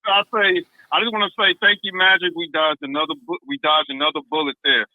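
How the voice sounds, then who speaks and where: A man calling in to a podcast, arguing in a heated, animated, slangy way. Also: on the high side, fast talker, no room sound, narrow, tinny audio. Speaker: caller. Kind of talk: casual call-in chat.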